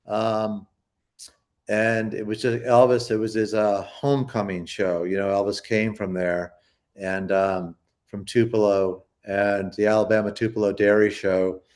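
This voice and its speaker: A man, a poster collector, telling a long story in a casual interview, rambling with many restarts and acting out quoted people. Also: fairly low pitch.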